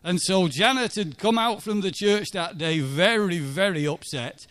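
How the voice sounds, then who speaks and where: A man's voice: high voice, a little slow, fairly bright tone. A church minister telling a chatty story in a sermon and asking his listeners for agreement. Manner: chatty, anecdotal, asks the congregation for agreement.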